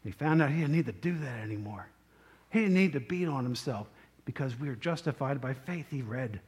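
A man's voice: medium pitch, animated, fairly quick, a little mellow, breathy edge. A man preaching a sermon, telling a story in a conversational way with many rhetorical questions to the congregation.

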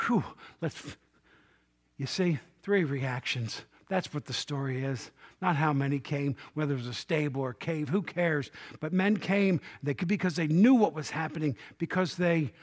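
A man's voice: fairly high pitch, measured pace. Chatty man preaching a sermon. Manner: conversational preaching with asides to the congregation. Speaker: pastor. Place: church.

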